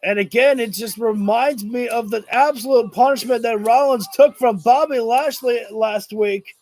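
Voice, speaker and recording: A man doing live watch-along commentary of a wrestling show, excitable, shouting and cursing at the action, sometimes tripping over his words. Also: very high voice, moderate pace. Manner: rambling, stumbles over words.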